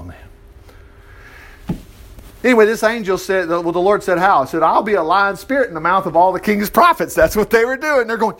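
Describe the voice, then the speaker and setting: A man preaching a sermon, retelling a Bible story with lively asides, laughter and acted-out voices for the characters. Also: high-pitched.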